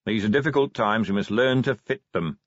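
A man voicing a sober male city dwarf who speaks in a measured, conciliatory way. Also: on the low side, no room sound, highs cut off, natural voice.

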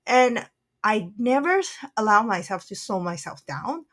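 Slow-speaking earnest woman storyteller. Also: medium pitch, big pitch swings. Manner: soft and earnest, with frequent "like" fillers. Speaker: spiritual channeler and author. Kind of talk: personal reflective storytelling.

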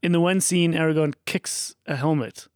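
A man with a somewhat higher voice tells a bit of trivia in a relaxed chat with friends. His reactions are quick and easy. The sound is dry and close. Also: no room sound. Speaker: podcast co-host. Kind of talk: casual chat.

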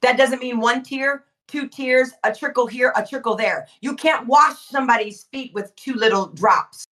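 A woman preaching with fervor, repeating phrases for emphasis and rising to shouts. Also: on the high side, normal speed, far from the mic. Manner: fervent, emphatic repetition, swells to shouting. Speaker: guest preacher. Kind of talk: impassioned preaching.

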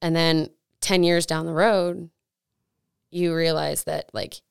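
A woman's voice: low voice, steady tone, slow pace, vocal fry, clean tone, no room sound, studio quality. A young woman co-hosting a faith podcast, sharing an earnest testimony with lots of likes and restarts. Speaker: podcast co-host.

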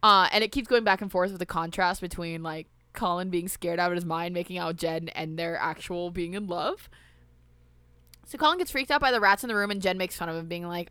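A woman's voice: fairly low pitch, fairly quick, fairly bright tone, clean tone, no room sound. A woman in casual chat, recapping a movie scene by scene, with loose, profane asides. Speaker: podcast co-host.

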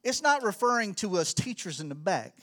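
A middle-aged man giving an energetic, preacherly church talk as a children's ministry pastor, rising to emphatic shouts. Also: high voice, a little fast.

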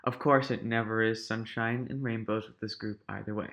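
A man's voice: on the low side, steady tone, moderate pace, fairly bright tone. A young man hosting a music podcast, opening the episode with a dry, joking intro and correcting himself as he goes. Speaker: podcast host. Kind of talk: casual show intro. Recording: dull lo-fi sound.

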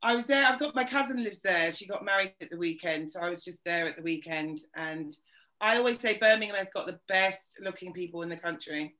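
Woman, podcast host, casual chat, playful, animated, bright voice. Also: on the low side, brisk.

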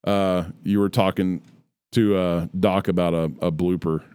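A man co-hosting a casual podcast chat, laughing often and talking in quick bursts. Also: low-pitched, flat delivery, clear, resonant tone, no echo. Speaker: podcast co-host. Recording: loud music playing behind.

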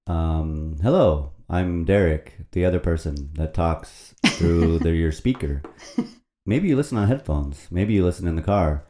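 Low, mellow-voiced man, podcast host, rambling and crude, close mic. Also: measured pace. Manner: rambling, profane and playful. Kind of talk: casual podcast chat and poetry reading. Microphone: podcast microphone at a computer.

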